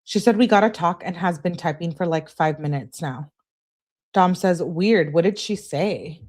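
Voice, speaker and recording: Low-voiced woman reading texts aloud. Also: normal speed, a little mellow. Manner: emphatic, exasperated asides. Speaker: true crime channel host. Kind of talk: reading text messages aloud with commentary.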